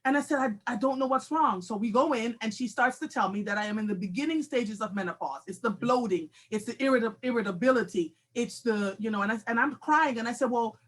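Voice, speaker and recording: A woman in her forties hosting a live talk show, telling a candid, animated personal story with frequent laughter. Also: a little high, quick pace, hardly any pauses. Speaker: host.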